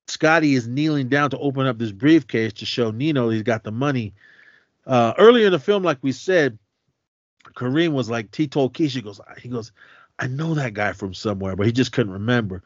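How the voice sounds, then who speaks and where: A man's voice: mid-range voice, no room sound, muffled recording. Man animatedly retelling a movie plot. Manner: animated retelling, voicing characters' lines. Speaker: podcast co-host. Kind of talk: casual film recap.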